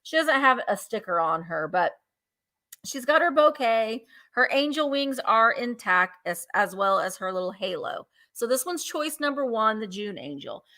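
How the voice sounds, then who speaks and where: A woman's voice: a little high, very animated, normal speed, bright, forceful tone. A woman hosting a live vintage sale, chatting playfully and counting down bids. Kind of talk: live auction selling chat.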